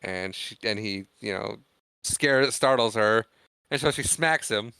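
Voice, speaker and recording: Here a man with a fairly low, gravelly voice sounds pushed and bright, clear and resonant, recorded without echo. He's a podcast co-host chatting about a movie, walking through it scene by scene in a loose, rambling recap and briefly performing the characters' lines.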